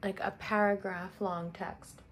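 A woman's voice: medium pitch, flat delivery, measured pace. A woman reading tarot and astrology for viewers in a chatty, direct way, repeating phrases for emphasis. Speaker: tarot reader.

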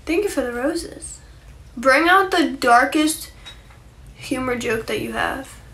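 A woman's voice: high-pitched, animated, takes it slowly, a bit bright. A young woman chatting casually on a phone livestream, rambling with lots of likes and ums and casual swearing.

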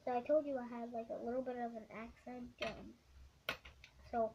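Rambling young vlogger, lots of ums. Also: female voice, a little high, fairly even intonation, background noise. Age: child. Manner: halting, many ums and restarts. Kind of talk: rambling casual vlog. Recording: muffled lo-fi camera audio.

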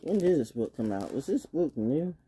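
A woman vlogging in a casual livestream monologue, blunt and swearing, laughing often and swinging from loud shouting to low muttering. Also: big pitch swings, normal speed, a little hiss or hum. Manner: blunt, swears, trash-talking.

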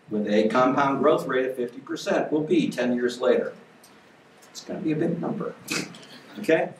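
A man's voice: on the high side, recorded from a distance, a little hiss or hum. Older man lecturing in an echoey hall. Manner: animated, emphatic, wry. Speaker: guest lecturer. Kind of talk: academic lecture.

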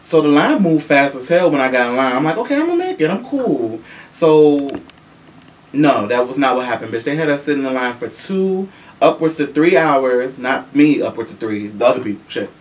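A man's voice: medium pitch, normal speed. Sassy gossiping man, distant mic. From Chicago. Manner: sassy, animated, swears freely. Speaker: show host. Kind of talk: casual celebrity gossip commentary. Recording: voice from a distance with faint room noise.

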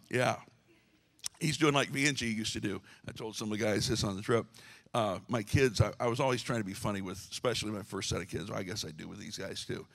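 A man's voice: fairly low pitch, vocal fry, a bit bright. A male pastor giving a casual, joking sermon to his church, with many restarts. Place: church sanctuary.

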